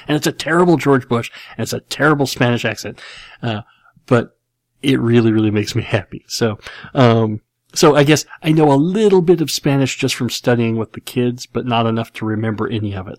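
With a fairly low voice in a dry recording, a man in his forties runs a casual chat show. He reads out questions from listeners and answers them ramblingly and self-deprecatingly, chuckling frequently.

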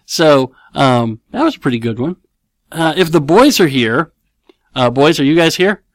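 A man's voice: fairly high pitch, animated, moderate pace, dry recording, studio quality. A middle-aged man hosting a casual home podcast, answering listener questions in a rambling, playful way and often correcting himself mid-sentence. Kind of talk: casual chat. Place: at home with his kids nearby.

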